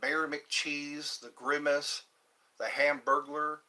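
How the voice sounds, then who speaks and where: A man hosting a casual livestream from home, chatting in a rambling, animated way and reading viewer comments aloud. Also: slow. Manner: chatty, rambling, animated, with pitch leaps when greeting viewers. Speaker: livestream host.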